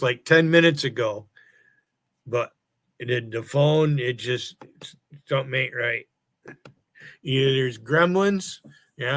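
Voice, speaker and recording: A man ranting angrily on a livestream, taunting and cursing at rival streamers and chatters. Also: medium pitch. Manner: angry, profane, taunting. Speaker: live streamer. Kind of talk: profane livestream rant.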